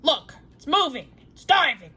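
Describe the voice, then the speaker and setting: A woman reading a storybook aloud and voicing an eager, brash male harpooner with loud, emphatic lines. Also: fairly high pitch, normal speed. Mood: excited.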